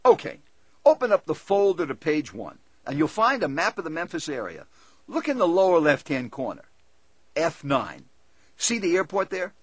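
A man's voice: a little high, wildly swooping pitch, normal speed, husky, dry recording, heavily acted. A man voicing a friendly, talkative male cab driver who speaks politely and in a folksy way. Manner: polite, folksy, keeps saying "Mister Weldon".

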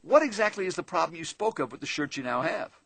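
A man's voice: on the high side, animated, fast talker, creaky, a bit bright, no room sound, full character voice. A man voicing a smiling, eager young shirt salesman who talks politely and helpfully.

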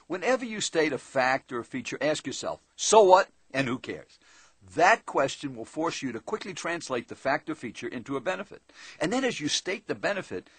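A sales trainer telling a seminar story in a chatty manner, talking straight to the listener. His slightly high voice is a little husky and moves through a lively range. The sound is dry and close. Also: dry recording. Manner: conversational, addresses listener directly, asks tag questions.

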